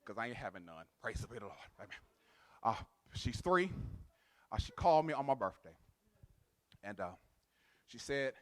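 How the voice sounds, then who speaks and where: A male pastor a sermon. He swings from loud, sung, rhythmic to quiet, chatty storytelling. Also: medium pitch, sing-song, normal speed, long pauses. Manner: builds to loud, sung preaching cadence, then drops to quiet storytelling.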